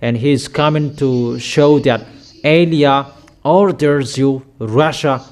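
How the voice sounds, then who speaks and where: A man preaching a sermon with slow, emphatic declarations, often repeating his lines for weight. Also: on the high side.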